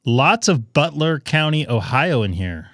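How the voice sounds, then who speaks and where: A man's voice: fairly high pitch, sing-song, unhurried, a bit bright, no room sound, studio quality. A man hosting a ham radio live stream, chatting casually and thinking aloud with plenty of fillers.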